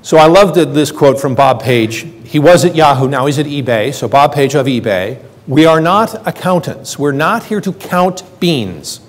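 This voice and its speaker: An older man giving a lively conference talk, joking with the audience and acting out quoted lines. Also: fairly high pitch, moderate pace, few pauses. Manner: quipping, plays out quoted voices. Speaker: conference speaker. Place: lecture hall. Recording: hall reverb from stage.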